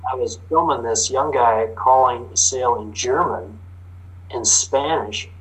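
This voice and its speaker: A man's voice: medium pitch, rough recording. A middle-aged man with a Minnesota accent, drawing out his O's as a talkative interview guest telling stories. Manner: talkative storyteller, drawn-out O's. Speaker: guest, farm machinery reporter. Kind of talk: casual interview chat.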